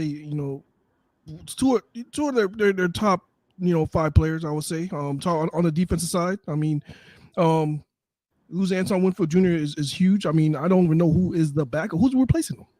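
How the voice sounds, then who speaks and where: A loud, joking American man co-hosting a football podcast, swearing freely. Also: a little high, normal speed, dry recording. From United States. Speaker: podcast co-host. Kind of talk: sports podcast chat.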